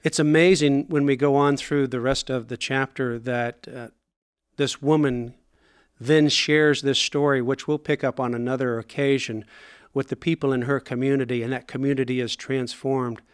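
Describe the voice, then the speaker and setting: A man's voice: mid-range voice, steady tone, normal speed, clean tone, no echo, clean studio sound. A man preaching a sermon, explaining scripture in an earnest way and stressing points with emphatic repetition.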